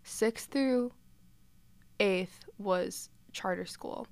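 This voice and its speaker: A woman's voice: mid-range voice, drawn-out words, clear, resonant tone, no room sound. A young woman from South Carolina co-hosting a podcast, chatting casually and laughing easily. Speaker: podcast co-host. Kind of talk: casual chat.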